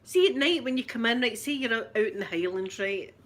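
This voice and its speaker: A woman's voice: on the high side, lively intonation, a little fast. A middle-aged woman with a Scottish accent, chatting casually and laughing with live viewers as she hosts a stream. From Scotland. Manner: chatty, rambling, laughs often. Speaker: ASMR livestream host.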